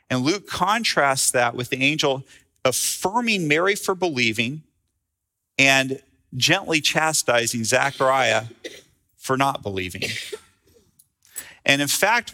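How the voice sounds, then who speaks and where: A man preaching with a bright, forceful voice at a middle pitch. He tells the story conversationally and with animation, like a pastor walking a congregation through a passage. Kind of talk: sermon.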